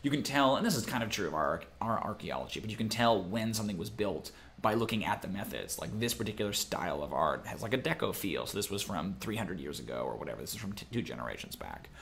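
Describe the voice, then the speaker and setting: Young guy from minnesota chatting through ideas, low gravelly voice that swings up and down a lot, keys clacking. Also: big pitch swings, quick pace, few pauses, fairly bright tone, a little hiss or hum. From Minnesota, USA. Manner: thinks aloud with many fillers and restarts. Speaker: game master and show host. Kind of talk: casual livestream chat, reading viewer comments.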